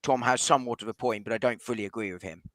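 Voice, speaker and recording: A man on a casual football podcast, making his case quickly and carefully, often hedging and restarting. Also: mid-range voice, fairly bright tone, dry recording. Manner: fast, reasoned, hedging with restarts. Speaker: podcast panelist.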